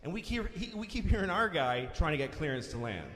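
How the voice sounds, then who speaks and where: Stand-up comedian, man, high bright voice, very lively pitch, long hall reverb. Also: brisk. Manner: animated, profane, shouts the big moments. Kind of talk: stand-up storytelling.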